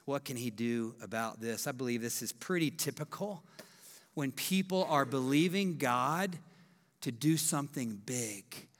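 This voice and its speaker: A man in his thirties, a pastor preaching a sermon with emphatic, animated delivery and acted-out quotes. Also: mid-range voice. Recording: echoey hall reverb.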